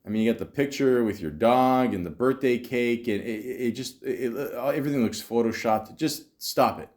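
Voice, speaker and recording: A man's voice: medium pitch, moderate pace, darkish tone. A man hosting a comedy podcast, ranting in exasperation and stammering often. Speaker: podcast host. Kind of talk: comedic commentary.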